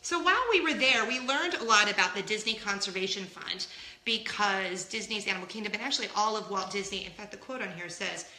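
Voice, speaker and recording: Gushing woman vlogger, bright and echoey. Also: mid-range voice, a little fast. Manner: gushing, laughs often, acts out loud gasps. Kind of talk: excited casual storytelling.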